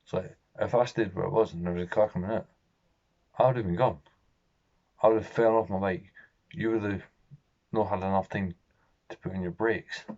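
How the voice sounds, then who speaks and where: A young man with a very low, gravelly voice that stays flat and monotone as he tells a personal story. He talks in a halting, raw, swear-laden way, heard on a dull, lo-fi recording. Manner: halting, profane, emotionally raw. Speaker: vlogger.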